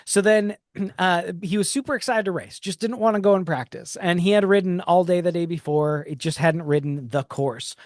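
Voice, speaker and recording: A man with a high voice hosts a podcast, speaking at a normal speed in a dry, clean studio recording. He tells reflective stories in casual conversation and often restarts his sentences.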